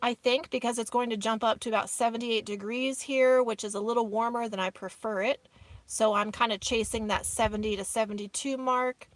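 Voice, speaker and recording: A woman speaks briskly in a slightly high voice with fairly even intonation and no echo. She's a vlogger hosting a casual live stream from inside her minivan, camping off grid outdoors, reading viewer comments aloud and calling them "y'all."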